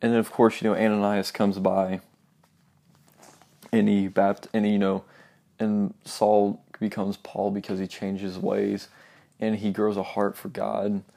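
Gravelly low-voiced man preaching earnestly. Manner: earnest, drops to soft near-whispers for emphasis. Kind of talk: informal sermon with Bible reading.

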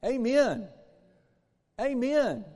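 A man with a very high, sing-song, slightly mellow voice preaches a sermon extremely slowly in a church. He is emphatic and repetitive, acting out bursts of laughter, and a long hall reverb fills the recording.

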